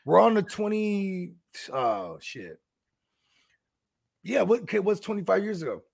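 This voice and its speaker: A man with a gravelly, husky voice, talking in a loose, rambling way on a podcast. His speech is full of slang and swearing, and he sits a bit higher than most men in pitch. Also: very animated, measured pace. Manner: rambling, slangy, swearing, lots of "you know what I mean". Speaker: podcast co-host. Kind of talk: casual chat.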